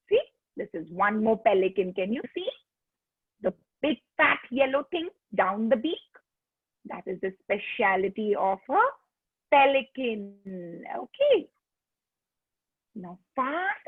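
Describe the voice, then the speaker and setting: Woman preschool teacher on a video call, somewhat high and a bit husky, coaxing and full of questions. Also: no room sound. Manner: coaxing, asks constant simple questions. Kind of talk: online class for small children. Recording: tinny phone-like call audio.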